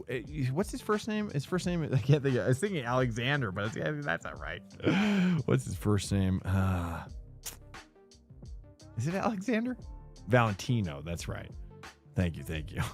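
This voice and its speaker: A loose, chatty man streaming his sim racing and talking to chat. His pitch jumps around a lot as he rambles. Faint music plays behind him. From United States. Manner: loose and chatty, says dude and bro a lot. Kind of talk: casual live-stream chat.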